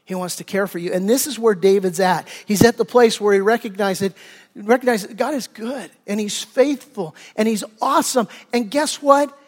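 A man preaching a sermon as pastor, animated, acting out the voices he quotes. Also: high-pitched, normal speed. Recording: long hall reverb.

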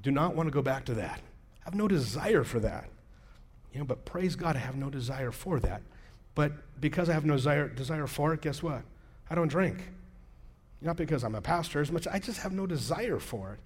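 A man's voice: medium pitch, darkish tone, slightly rough. A male pastor giving a sermon in a casual, storytelling way, acting out the quoted dialogue of his anecdotes.

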